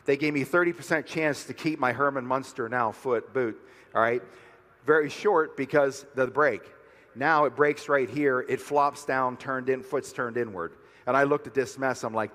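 A man telling a personal story to a crowd in a motivational speech, growing fiery and shouting by the end. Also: medium pitch, normal speed, long reverb tail. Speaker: speaker at a rally.

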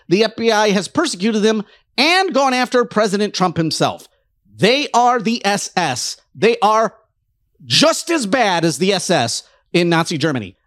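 A man's voice: high voice, no echo, clean studio sound. A man delivering an impassioned political rant, heated and emphatic, mocking his opponents in quoted voices. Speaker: political commentator.

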